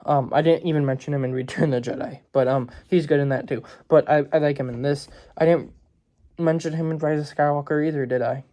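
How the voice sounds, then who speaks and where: Speaking briskly in a slightly high, warm voice with a steady tone, a man gives casual, rambling movie reviews heavy on "like" and "um." The audio sounds dull.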